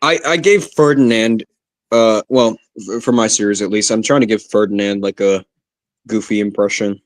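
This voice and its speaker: A man hosting a live stream in casual, playful chat, quick to laugh. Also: lowish voice, steady tone. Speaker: live streamer, show host.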